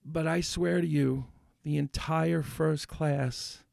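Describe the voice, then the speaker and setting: Worked up guy ranting on a podcast, kinda high voice, gravelly. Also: fairly even intonation, slow, a little mellow, no echo, clean studio sound. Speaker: podcast co-host. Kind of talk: heated casual chat.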